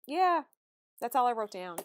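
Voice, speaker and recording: A woman's voice: on the high side, big pitch swings, normal speed. A woman, chatting as a podcast guest and laughing as she trades local sayings. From Newfoundland. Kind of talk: casual chat.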